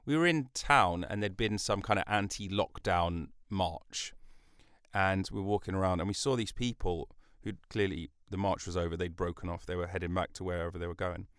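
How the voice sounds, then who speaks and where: A man from the UK hosts a solo podcast from a studio, wandering from thought to thought with jokes at his own expense. His voice sits fairly low and comes across smooth and clear. The studio sound is close and dry, with no room in it. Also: normal speed, a bit bright, dry recording. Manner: rambling, jokey, self-mocking asides. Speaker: podcast host. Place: recording studio. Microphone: studio mic.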